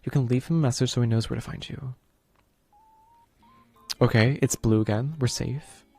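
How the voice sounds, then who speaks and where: A man's voice: medium pitch, normal speed, dark tone, breathy edge, soft background music. A man streaming a visual novel, reading its narration aloud and breaking off to comment on the game. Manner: reads narration, breaks off to chat about the game.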